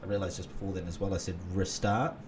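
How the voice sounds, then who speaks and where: A man's voice: deep voice, little pitch movement, racing, background noise. A man, rambling in casual gaming commentary full of fillers and restarts. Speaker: gaming channel host. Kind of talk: casual let's-play commentary.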